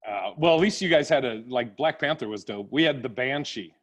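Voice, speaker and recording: A man's voice: medium pitch, animated, fairly quick. A middle-aged man chatting on a podcast, rambling through childhood stories and laughing often. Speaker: podcast host. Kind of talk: casual podcast chat.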